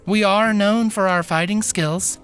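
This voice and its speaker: A man voicing a young, eager female elf adventurer who talks confidently in a high voice. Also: steady tone, unhurried, a bit bright, soft background music. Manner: confident and upbeat.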